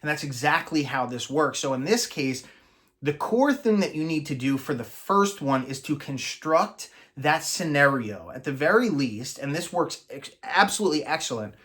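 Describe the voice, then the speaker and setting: A man coaching listeners in an earnest, explanatory teaching monologue, slowing down to stress key phrases. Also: on the high side, expressive, a bit bright. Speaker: manifesting coach.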